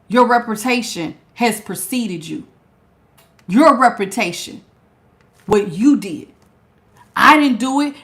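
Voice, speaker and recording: Sassy high-voiced woman reading tarot. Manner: sassy, emphatic, slangy and animated. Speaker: tarot reader. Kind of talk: casual tarot reading monologue.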